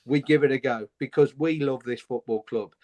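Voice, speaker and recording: A man's voice: medium pitch, moderate pace, a little mellow. Fired-up man ranting passionately. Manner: impassioned, ranting. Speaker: fan panelist. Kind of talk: heated phone-in debate.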